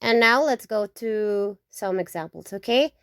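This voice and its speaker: A woman's voice: medium pitch, a little slow, clean tone, no room sound, studio quality. A woman teaching. She goes through a vocabulary lesson patiently, repeating each example word several times and checking in with "okay?". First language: Spanish. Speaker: Spanish teacher. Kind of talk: slow alphabet lesson with repeated example words.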